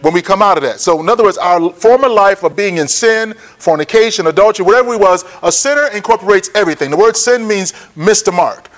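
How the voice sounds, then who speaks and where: A man teaching a Bible lesson, often checking that listeners follow and repeating key points slowly for notes. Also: high voice, a bit bright. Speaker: preacher.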